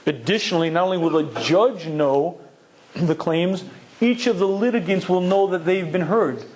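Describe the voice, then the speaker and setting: A man's voice: high-pitched, moderate pace, darkish tone. A man giving a Torah lecture, emphatic and full of rhetorical questions, dropping in Hebrew terms. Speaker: Torah teacher.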